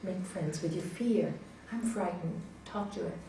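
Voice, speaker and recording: Gentle woman teaching, echoey hall. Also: on the low side, measured pace, gravelly, distant mic, slight background noise. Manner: gentle, laughs often, acts out inner voices. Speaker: raja yoga teacher. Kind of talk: spiritual class talk. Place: large hall.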